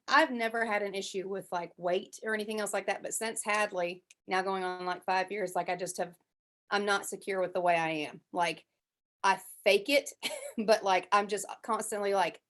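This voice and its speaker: A woman chatting casually in a group class, talking with many fillers and acting out what others said. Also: medium pitch. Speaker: class participant. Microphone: headset.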